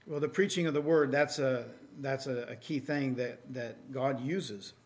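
A man's voice: mid-range voice, measured pace. A man preaching a sermon in a conversational way, with many fillers and restarts, and reading scripture aloud in a raised, emphatic voice.

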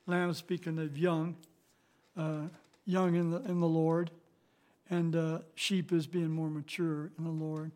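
A middle-aged man giving an informal Bible teaching, speaking plainly with halting restarts and fillers, and slowing down to read scripture aloud. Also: a little high. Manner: reads scripture slowly, rising louder on key verses.

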